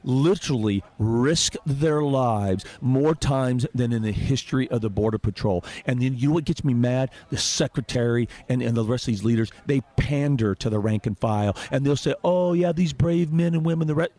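A man's voice: medium pitch, moderate pace, hardly any pauses, a little mellow. A middle-aged man, a former border chief, speaking as a guest in a radio interview in an emphatic, indignant way, often repeating words.

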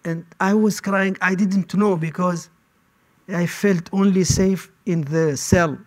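A man giving personal testimony as an interviewee, speaking in short, halting phrases. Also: high voice, fairly even intonation, a little mellow. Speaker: interviewee recounting detention.

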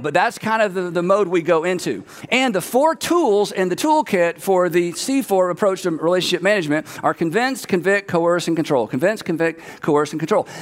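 A man delivers a conversational sermon with a fairly high voice, often repeating words to drive a point home. His voice rings through a large auditorium with a long reverb tail. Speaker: pastor.

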